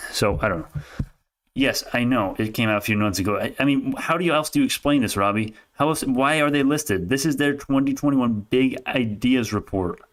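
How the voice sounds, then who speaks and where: A young adult man giving casual, animated stock commentary on a live stream, arguing with chat and laughing often. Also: medium pitch, moderate pace.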